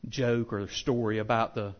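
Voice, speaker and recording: A pastor preaching a sermon with impassioned swells that drop to soft, earnest appeals. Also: male voice, fairly low pitch, flat delivery, moderate pace, highs cut off. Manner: impassioned preaching, rising loud then softening.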